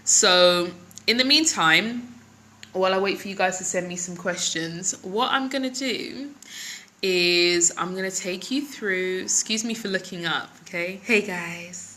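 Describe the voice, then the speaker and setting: A woman's voice: medium pitch, unhurried, bright, forceful tone, poor audio. A middle-aged woman hosting a casual live stream from her phone, chatting with viewers and greeting them by name between thoughts, with many ums.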